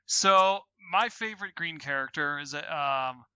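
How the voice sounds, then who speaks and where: A man co-hosting a gaming podcast, explaining his views earnestly with halting restarts. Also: on the high side, lively intonation, bright, forceful tone, clear, resonant tone, no room sound. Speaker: podcast co-host. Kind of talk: casual chat.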